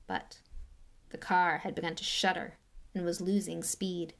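A woman reads a storybook aloud in a dramatic way, speaking at a middling pitch. At tense moments she drops to an unvoiced whisper, then picks up again as the action builds. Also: fairly even intonation, normal speed, a bit bright. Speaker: narrator. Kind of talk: audiobook reading.

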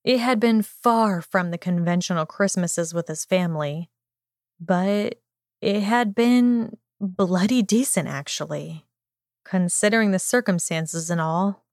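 Slow, dry-voiced woman reading a story. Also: on the low side, no echo. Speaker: narrator. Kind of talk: audiobook reading of fan fiction.

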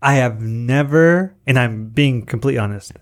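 A young adult man co-hosting a podcast in playful, teasing banter, quick to laugh. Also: mid-range voice. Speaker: podcast co-host.

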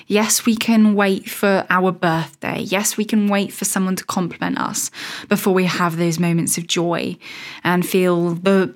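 Woman, 30s, podcast host, casual solo monologue, rambling, self-mocking. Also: mid-range voice. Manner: chatty, rambling, laughs at herself.

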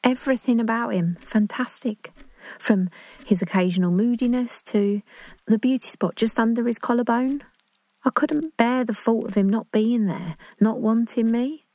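A woman's voice: fairly high pitch, normal speed, mellow, dry recording. An actress playing an earnest, awkward young woman in love. She speaks in a chatty, confiding, self-conscious English voice in a dramatic monologue. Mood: fond.

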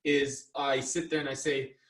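Halting male host in an echoey room. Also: medium pitch, level tone, a bit bright, recorded from a distance. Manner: halting, many fillers and restarts. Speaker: podcast host. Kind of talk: casual interview.

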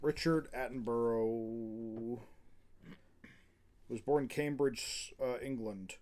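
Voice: medium pitch, takes it slowly, a little mellow. A podcast co-host in casual film chat, joking and arguing in a goofy way.

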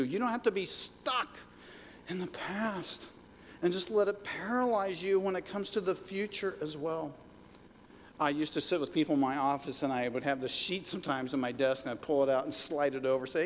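Man, pastor, conversational sermon, emphatic rises, slightly high voice, long hall reverb, faint background noise. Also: moderate pace. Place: church sanctuary.

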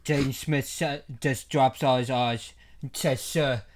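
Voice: mid-range voice, steady tone, measured pace, darkish tone, slight background noise. Chatty podcast co-host who laughs a lot. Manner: chatty, laughs a lot, tells stories animatedly. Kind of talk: casual chat.

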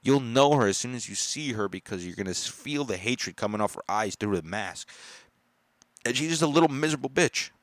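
A man telling a story in an angry, profane rant, getting loud and exasperated as he complains. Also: medium pitch, expressive, brisk, no echo.

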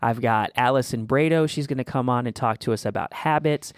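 A man in mid pitch hosts a casual faith podcast, earnest and encouraging as he tells stories. His voice sits close and dry on the mic, with no room sound at all. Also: fairly quick, no room sound. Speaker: podcast host.

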